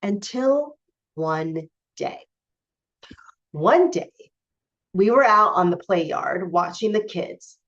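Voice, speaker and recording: A woman's voice: medium pitch, expressive, measured pace, a bit bright. A woman coaching spiritually, telling a personal story to camera in a candid, emphatic way with many fillers and restarts. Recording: dull lo-fi recording.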